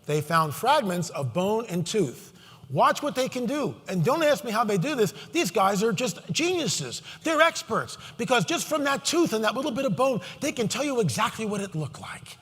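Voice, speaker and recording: Give me a man preaching to a hall, animated and mocking, with a sharp bright tone. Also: sits high, moderate pace, breathy edge. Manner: sarcastic, animated, rhetorical questions. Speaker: conference speaker. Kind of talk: live Christian prophecy talk. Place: large hall. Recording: long hall reverb.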